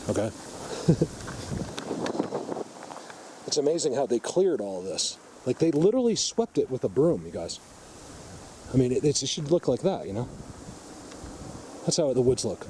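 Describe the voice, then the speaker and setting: A man's voice: medium pitch, sing-song, normal speed, pauses often. A man vlogging on a walk through a forest, talking emphatically and insistently to his viewers through the camera mic. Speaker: vlogger, Bigfoot field researcher. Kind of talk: walk-and-talk field vlog. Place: outdoors in a forest. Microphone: camera mic while filming. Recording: outdoor ambience, noisy, faint vehicle.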